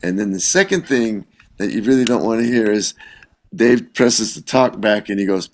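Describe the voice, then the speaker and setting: A man, a guest musician, telling a lively anecdote in casual conversation, acting out the people he quotes. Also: lowish voice, moderate pace. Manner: animated anecdote-telling with laughs and quoted voices. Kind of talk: casual storytelling.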